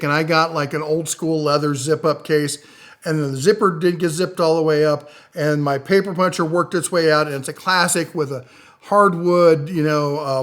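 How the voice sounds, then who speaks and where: A middle-aged man giving a casual, rambling tool rundown, enthusiastic, with loudness and pitch that jump around as he talks. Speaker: tool reviewer.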